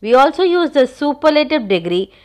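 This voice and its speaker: A woman's voice: sits high, sing-song, a little fast. A woman teacher explaining a grammar lesson, spelling out letters and addressing her students.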